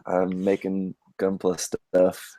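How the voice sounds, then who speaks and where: Casting: very low-voiced American man, stuffy with a cold, relaxed and chuckling. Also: takes it slowly. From United States. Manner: laid-back, laughs often. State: has a head cold. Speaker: co-host. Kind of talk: casual livestream chat.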